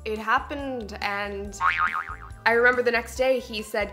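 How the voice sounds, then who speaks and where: A woman's voice: medium pitch, a little slow, faint music behind. A young woman from Canada in her twenties, chatting to camera for her vlog and telling embarrassing stories with lots of giggles. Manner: giggly, animated storytelling. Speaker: beauty vlogger. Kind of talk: casual chat to camera.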